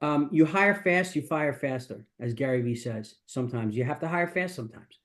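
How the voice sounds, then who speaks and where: A man's voice: mid-range voice, animated, normal speed, fairly bright tone. A middle-aged man, a business coach, talking casually and emphatically in a masterclass, with frequent restarts. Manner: rambling, emphatic, with many restarts.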